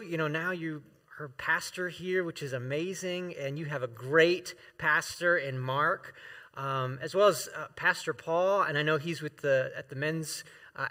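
A fairly high-pitched man with a sharp tone preaches a sermon as a guest in a church sanctuary. He reads scripture aloud to the congregation, heartfelt and emotional, with many fillers and restarts.

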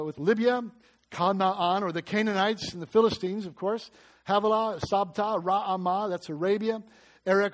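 A man preaching a sermon, asking the congregation questions and making light jokes. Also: sits high. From United States. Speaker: pastor.

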